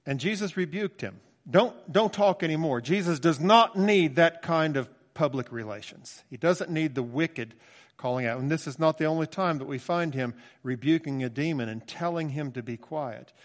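A man's voice: mid-range voice, lively intonation, a little slow. A man in his sixties preaching a conversational, emphatic sermon with asides in a church. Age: 60s. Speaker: pastor. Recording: long church reverb.

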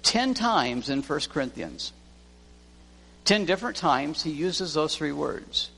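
A man who is a pastor preaching a sermon, swinging from loud emphasis to hushed lines. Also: fairly high pitch, big pitch swings, slow, vocal fry. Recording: long church reverb.

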